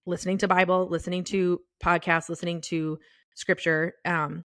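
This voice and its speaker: A middle-aged woman co-hosting a podcast, talking about her faith in a halting, tearful way. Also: lowish voice, level tone, no echo, studio quality. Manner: tearful, halting, soft-spoken. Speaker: podcast co-host. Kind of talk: casual faith chat. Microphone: podcast microphone.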